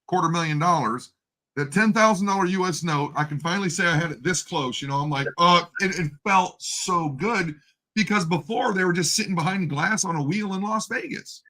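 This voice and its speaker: A man co-hosting a coin collecting livestream, talking with chatty enthusiasm. His voice sits high for a man. The tone is bright and sharp. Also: brisk. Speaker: co-host of a coin collecting stream. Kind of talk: casual chat.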